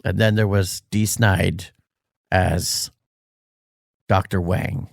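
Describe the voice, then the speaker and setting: A man's voice: low voice, steady tone, takes it slowly, creaky, dry recording, clean studio sound. A man co-hosting a podcast, telling a rambling story in casual chat and stopping to search for words. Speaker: podcast co-host. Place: Los Angeles.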